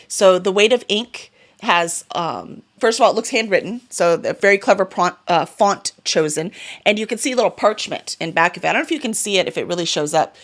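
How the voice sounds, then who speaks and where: With a mid-range, somewhat bright voice, a woman who vlogs about books and works as a publisher excitedly lists her upcoming reads. Her casual reading-goals chat is full of fillers and little self-corrections.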